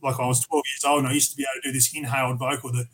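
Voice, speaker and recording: A man's voice: medium pitch, level tone, racing, fairly bright tone, slight background noise, rough recording. An Australian man from Tasmania, a metal vocalist who is a podcast guest, telling rambling, profane stories with many restarts. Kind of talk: casual storytelling interview.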